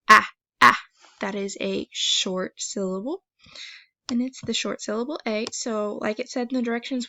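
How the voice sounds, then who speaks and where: A woman teacher talking students through an online phonics assignment, gentle and encouraging, step by step. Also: fairly high pitch, gravelly, dry recording. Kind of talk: recorded online lesson walkthrough. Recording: dry, slightly dull screen recording.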